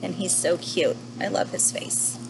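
A young adult woman teacher gently reading a picture book to children and asking them questions about the pages. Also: lowish voice, fairly even intonation, unhurried, gravelly, background noise. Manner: gentle, asks the listener questions. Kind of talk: children's story read-aloud.

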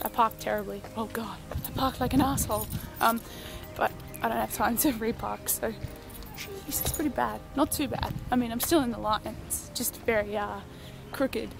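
A breathless woman vlogger with a slightly high, gravelly voice chats away in a rambling, self-mocking manner, music playing behind her.

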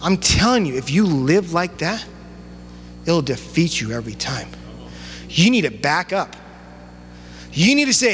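A young male youth pastor with a high, light voice delivers a sermon, chatty and lively, slipping into casual slang as he tells a story. His voice rings with a long reverb through a church hall, with a faint hum underneath. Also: measured pace, pauses often. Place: church sanctuary.

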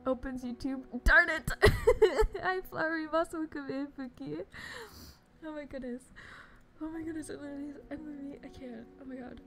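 A woman's voice: sits high, fairly even intonation, fairly quick, gravelly. A woman streamer chatting casually on a live stream, gushing and giggling as she greets her viewers.

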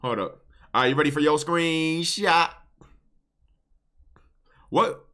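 A man's voice: a little high, slow, sharp tone. A young man hosting a live stream, bantering loosely with callers and chat in heavy slang.

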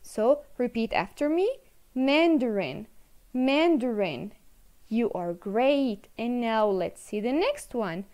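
A woman's voice: on the high side, sing-song, unhurried, few pauses, mellow. A woman teaching an English video lesson to children, encouraging, repeating words and switching into to explain.

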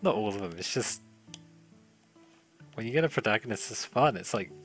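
A man's voice: fairly low pitch, animated, normal speed, faint music behind. A man giving casual, profane, joking commentary while playing a game. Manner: profane, laughing, mocking banter. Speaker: let's play commentator.

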